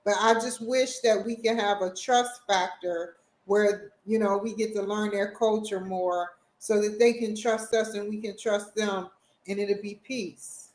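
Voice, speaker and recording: A woman hosts an interview in a relaxed, conversational way, leaning on fillers like "you know". Her voice sits in the middle range. The room around her echoes. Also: medium pitch, unhurried. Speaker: talk show host. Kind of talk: casual interview chat.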